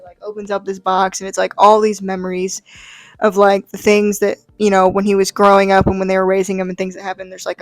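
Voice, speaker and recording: A woman's voice: medium pitch, no echo, clean studio sound. A young adult woman casually breaking down a comic book. She rambles and talks in a chatty way, full of fillers and "like.". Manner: enthusiastic and chatty.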